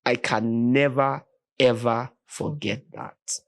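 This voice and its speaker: Animated Nigerian man telling a story. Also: mid-range voice, slow pace. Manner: animated, vivid retelling with voiced quotes. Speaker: podcast guest. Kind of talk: dramatic storytelling in conversation.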